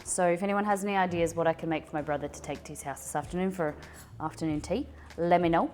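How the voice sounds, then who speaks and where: An Australian woman hosting a casual cooking livestream, chatty and excitable as she talks to her chat. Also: lowish voice, fast, slight background noise.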